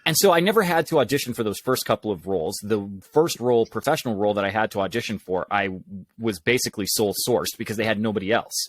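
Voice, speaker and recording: A man on a podcast, a guest who coaches public speaking, telling stories in an animated way with quick asides. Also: lowish voice, no room sound. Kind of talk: conversational storytelling.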